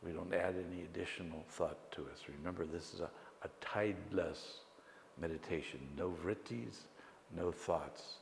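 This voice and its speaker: A man teaching meditation, speaking slowly and calmly with long pauses between phrases. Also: sits low, creaky, a little hiss or hum. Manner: slow, calm, pausing between phrases. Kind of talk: guided meditation lecture. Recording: echoey hall with long reverb, faint ambience.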